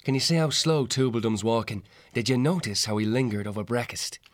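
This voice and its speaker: A shrewd, gruff otter warrior from a storybook, plainspoken and rough in his dialect, as voiced by a man reading aloud. He sits a little higher than the reader's own deep voice, with a rougher, altered timbre. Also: fairly quick, natural voice.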